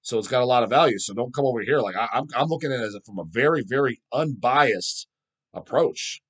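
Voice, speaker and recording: A man's voice: medium pitch, lively intonation, quick pace, fairly bright tone, husky. A middle-aged man hosting a solo vlog, ranting heatedly and profanely. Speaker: channel host.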